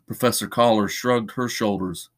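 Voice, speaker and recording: A man reading a horror short story aloud as a podcast narrator, in measured, steady storytelling. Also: lowish voice.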